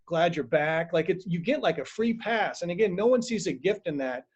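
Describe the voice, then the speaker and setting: A man chatting casually on a video call, telling stories with animated acted-out quotes. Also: high voice, normal speed, husky. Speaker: acupuncturist and host. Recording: dull lo-fi video call audio.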